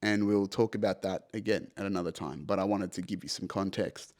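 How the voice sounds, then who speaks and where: A man's voice: deep voice, a little fast, a little mellow. A young man hosting a podcast, telling a personal story casually and animatedly, swearing freely and saying "you know" and "right" often. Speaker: podcast host.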